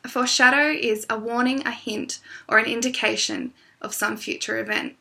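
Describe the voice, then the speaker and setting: A woman teacher giving a scripted classroom lesson, reading in a clear, measured way and reciting verse. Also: on the high side, steady tone, sharp tone.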